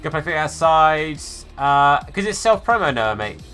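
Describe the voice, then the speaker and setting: A man's voice: on the high side, big pitch swings, moderate pace, a bit bright, faint music behind. A man live-streaming a football game, chatting casually and answering viewers by name, calling them mate and fella.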